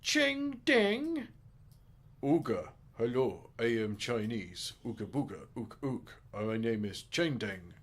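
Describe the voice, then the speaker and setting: A man's voice: mid-range voice, sing-song, slow pace. A man putting on a goofy, exaggerated silly voice during game commentary.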